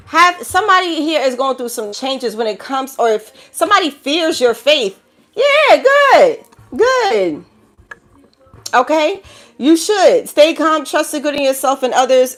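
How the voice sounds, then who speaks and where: She has a high, somewhat bright voice and a New York accent, hailing from the Bronx, and gives a collective tarot reading. Laughing through her talk, she preaches bluntly and profanely to viewers, calling them baby and child.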